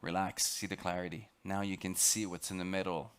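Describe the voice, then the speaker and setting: Expedition lecturer, male, French accent, deep voice, dramatic motivational storytelling with halting repeats. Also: steady tone, fairly bright tone, clear, resonant tone. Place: lecture on a cruise ship.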